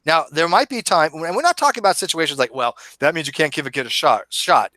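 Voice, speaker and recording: A man hosting a live online debate show, talking in an animated, emphatic and argumentative way. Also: fairly high pitch, fast, no room sound. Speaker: host. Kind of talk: casual debate chat.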